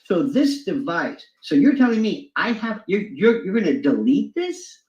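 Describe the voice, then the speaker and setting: A man's voice: wildly swooping pitch, normal speed, darkish tone. A man telling stories as a guest, often breaking into mimicking voices. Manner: swings into high mimicking voices. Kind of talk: animated storytelling with impressions. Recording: echoey, dull lo-fi sound.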